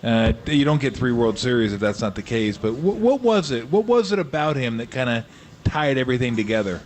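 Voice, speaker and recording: A man's voice: mid-range voice, very animated, a little fast. A male sports radio host with a mid-range voice. He asks questions in an easygoing, conversational way, loose and friendly in his phrasing. He sounds like a regular host leading a studio chat. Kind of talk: radio talk show interviewing.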